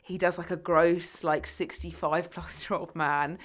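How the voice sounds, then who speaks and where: A woman co-hosting a fitness podcast, chatting casually in a sweary, sarcastic and animated way. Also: lowish voice, measured pace. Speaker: podcast co-host, fitness coach. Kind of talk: casual chat.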